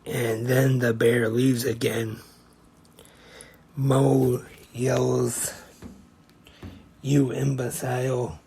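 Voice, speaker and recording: A man's voice: mid-range voice, flat delivery, dark tone, slight background noise. A man hosting a podcast, retelling a comedy short scene by scene in a plain, casual way. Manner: slow, plain play-by-play retelling. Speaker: podcast host.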